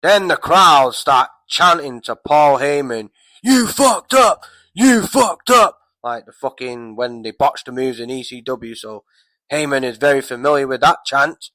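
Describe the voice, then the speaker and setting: A man's voice: medium pitch, moderate pace, pushed and bright, dry recording. A man giving a casual, rambling recap of a wrestling show, swearing heavily and getting heated. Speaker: wrestling commentator vlogger.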